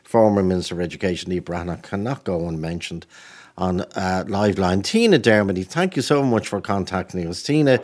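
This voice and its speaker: Radio host with lively intonation. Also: male voice, low voice, brisk. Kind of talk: hosting a radio phone-in.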